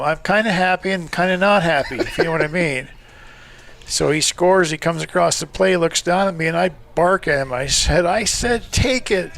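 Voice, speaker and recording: A man, a former coach, giving relaxed color commentary on radio, telling stories and chuckling often. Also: a little high, creaky, slight background noise. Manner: chatty storyteller, chuckles often.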